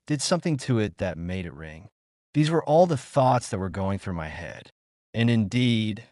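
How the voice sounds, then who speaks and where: A man's voice: lowish voice, dry recording, clean studio sound. A man narrating a suspenseful first-person story in a dramatic way, repeating phrases to build tension.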